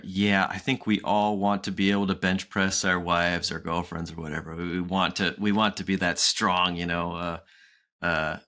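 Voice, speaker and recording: Low, bright and forceful, this man in his forties co-hosts a podcast in a chatty, casual style. He laughs a lot and performs quotes as he goes.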